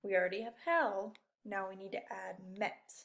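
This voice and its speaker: A woman's voice: medium pitch, normal speed, creaky, very noisy. A woman teacher going over a worksheet in a remote lesson for young children, patient and encouraging.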